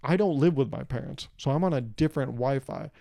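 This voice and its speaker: A man's voice: mid-range voice, a little fast, gravelly, dark tone, no echo, studio quality. A young man hosting his own podcast, rambling through a casual, profane and jokey monologue. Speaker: podcast host.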